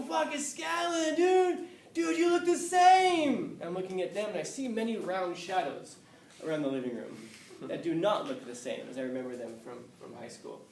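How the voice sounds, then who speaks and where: A man's voice: a little high, a little fast, darkish tone. A male college professor telling a candid, conversational story to his class, swearing and chuckling now and then. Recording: roomy, distant, faint background hiss.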